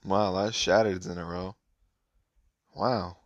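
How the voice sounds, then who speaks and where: A man with a very low, deep voice talks through a mobile card game in an offhand, muttering way. The sound is dry and close, with no room around it. His commentary stays relaxed and conversational. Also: unhurried, no echo, muffled recording. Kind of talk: casual gameplay commentary.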